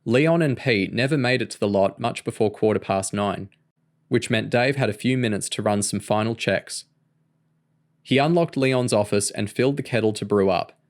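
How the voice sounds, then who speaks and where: A man reading a novel aloud in an even, steady narration. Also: on the low side, moderate pace. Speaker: audiobook reader.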